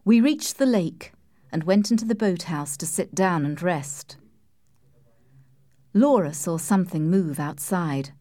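A woman narrating a classic novel in a calm, measured storytelling voice. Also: fairly low pitch, no room sound. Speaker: audiobook reader. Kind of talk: scripted narration.

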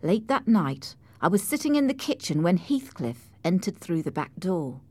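A woman narrating an audiobook in a clear, measured storytelling manner, close to the mic. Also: lowish voice, big pitch swings, darkish tone, no echo.

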